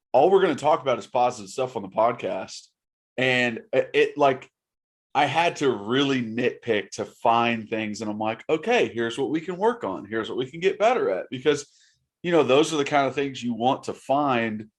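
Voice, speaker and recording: A young man co-hosting a casual sports podcast, talking excitedly with fillers and restarts. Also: mid-range voice. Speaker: podcast co-host.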